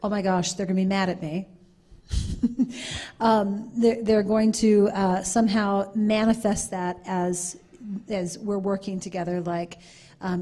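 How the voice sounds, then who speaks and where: A woman's voice: mid-range voice, fairly even intonation, a little slow, mellow. Earnest woman on a conference panel. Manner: earnest, repetitive, acts out quoted voices.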